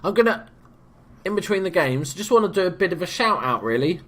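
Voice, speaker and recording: A man's voice: high voice, big pitch swings, a little fast, fairly bright tone. Sweary, rambling young man gaming. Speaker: gaming YouTuber. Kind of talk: casual let's-play commentary.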